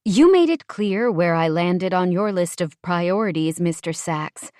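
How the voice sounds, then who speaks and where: Woman doing a steely upper-class lady, cold and precise, low-ish voice, dry recording. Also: animated, unhurried, a little mellow, dry recording. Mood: icy. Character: poised upper-class woman, icy and firm.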